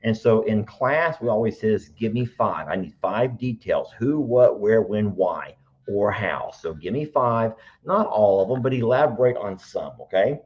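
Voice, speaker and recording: A middle-aged man with a drawl hosts a casual live stream, his voice sitting low. He chats easily and coaxes answers out of people like a patient teacher. The sound is dull and lo-fi. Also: expressive, a little slow, a little mellow. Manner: chatty, teacherly, coaxing. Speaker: livestream host.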